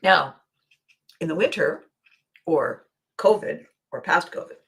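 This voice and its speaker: A woman's voice: lowish voice, slow, vocal fry, fairly bright tone, low-quality recording. A middle-aged woman hosting a casual livestream chat, talky and laughing often, restarting her sentences. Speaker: host.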